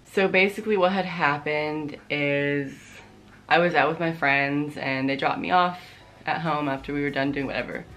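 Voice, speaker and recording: Low-voiced young woman telling a sarcastic storytime. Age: young adult. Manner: profane, sarcastic, animated retelling. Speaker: vlogger. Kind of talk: casual storytime vlog.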